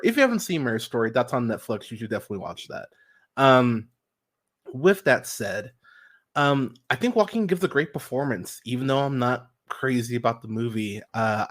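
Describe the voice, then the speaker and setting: A man's voice: mid-range voice, fairly bright tone. A man hosting a movie podcast, rambling through his opinions with lots of fillers, restarts and swearing, and mocking people he quotes. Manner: mocking voices when quoting others. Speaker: podcast host. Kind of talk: casual solo movie commentary.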